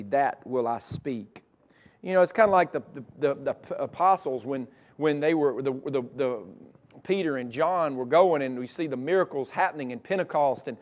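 Impassioned male pastor preaching. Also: on the high side. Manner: impassioned, swings between loud and hushed; frequent restarts and repetitions. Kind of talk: sermon.

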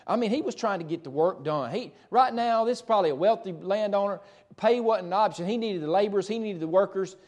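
Higher-voiced preacher with emphatic delivery. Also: male voice, quick pace, a little mellow. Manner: emphatic, asks the congregation rhetorical questions; conversational, stops to correct himself. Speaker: pastor. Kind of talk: sermon with scripture reading.

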